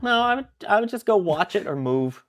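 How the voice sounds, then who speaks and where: A man's voice: sits high, sing-song, a little fast, fairly bright tone. A man from New Jersey with a New York area accent, hosting a casual livestream chat and reading out viewer orders. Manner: joking, reads out viewer purchases. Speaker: livestream host.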